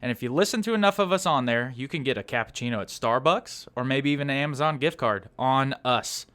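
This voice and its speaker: A man's voice: medium pitch, fairly quick, fairly bright tone. A man co-hosting a podcast, chatting casually about a movie and mimicking people in exaggerated voices. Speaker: podcast co-host. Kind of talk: casual movie review chat.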